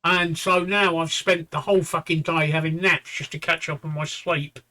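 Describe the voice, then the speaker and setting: A tired man in his fifties or sixties, co-hosting a livestream chat in a rambling, halting way with frequent restarts and the odd swear word. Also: fairly high pitch, level tone, pushed and bright. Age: 50s-60s. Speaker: livestream co-host. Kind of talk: casual chat.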